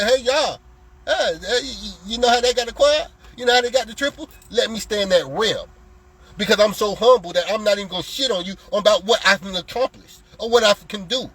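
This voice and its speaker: A man's voice: high-pitched, fairly bright tone, slightly rough, rough recording. A man selling lottery strategies, ranting in a heated, profane way and mockingly mimicking his customers. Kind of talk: heated live-stream rant.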